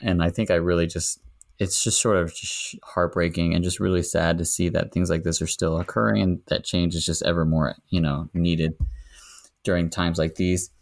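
A man, a podcast guest, telling a story in casual chat and getting heated and animated as he goes. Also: normal speed, vocal fry. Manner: animated storytelling, rising pitch when indignant.

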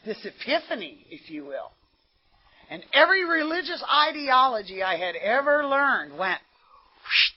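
An American woman giving an earnest, conversational recovery testimony at a meeting, often saying "you know". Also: a little high. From United States. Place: meeting room. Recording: dull lo-fi meeting tape.

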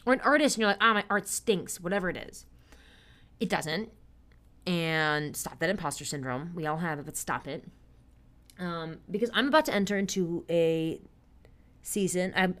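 A young woman hosts a casual solo podcast in a lowish, slightly bright voice with a clear, resonant tone. Also a stage performer, she's chatty and upbeat, loses her train of thought, and pokes fun at herself.

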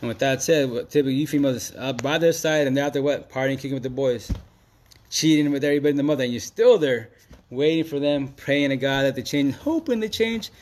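A man rattles off a loose, unscripted monologue at a quick clip. His speech is slangy and emphatic, circling back to the same phrases as he hammers a point home. His pitch sits mid-range for a man. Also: steady tone, darkish tone. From Seattle, USA. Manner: slangy, repetitive, emphatic street talk. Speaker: Facebook Live vlogger.

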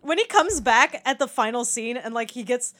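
A young woman with a slightly high voice co-hosts a casual movie chat. She is animated, laughs often and slips into quoted voices as she tells scenes. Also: moderate pace. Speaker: podcast co-host.

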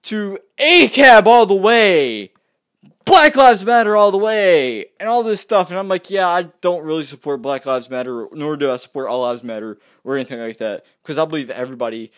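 A man delivering a heated, exasperated rant to camera, often repeating himself and restarting his sentences. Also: medium pitch. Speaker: vlogger. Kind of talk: heated ranting monologue.

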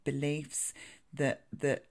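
A woman's voice: sits low, monotone, slow pace, darkish tone. A woman hosting a casual solo podcast, chatting loosely, interrupting herself and laughing at her own slips as she pulls and reads a card. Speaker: podcast host.

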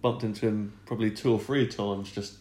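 A man's voice: lowish voice, steady tone, brisk, a little mellow. A man co-hosting a podcast, reading out listener comments and trading dry jokes in casual chat. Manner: reads listener comments, dry jokey banter. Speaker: podcast co-host. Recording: roomy echo.

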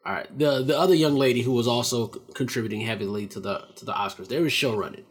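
A man's voice: medium pitch, fast talker, slightly rough. A man co-hosting a casual podcast chat, arguing his point in an emphatic, profane way. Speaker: podcast co-host.

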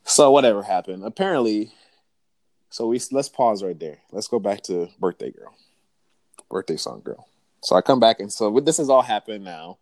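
A man with a very deep, low voice spins a story in a relaxed chat. He talks in slang and acts out each person's lines as he goes. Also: moderate pace, no echo. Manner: animated storyteller, slangy, acts out quoted dialogue.

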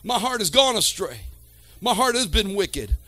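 A man preaching a sermon to a church congregation, swinging from quiet talk to shouted lines and calling out to the room. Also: sits high, sing-song, normal speed, no room sound. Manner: calls to the congregation.

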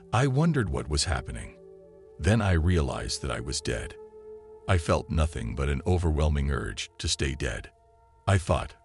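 Very deep, gravelly male narrator. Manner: earnest, emotional storytelling reading. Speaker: narrator of submitted stories. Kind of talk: scripted first-person narration. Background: faint background music.

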